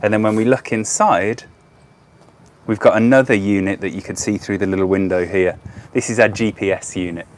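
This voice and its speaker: A man's voice: lowish voice, steady tone, brisk. A man with a Brummie accent presenting an educational live stream outdoors, chatty and upbeat, with frequent ums and uhs. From Birmingham, England. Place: outdoors by a car park. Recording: noisy outdoor phone stream.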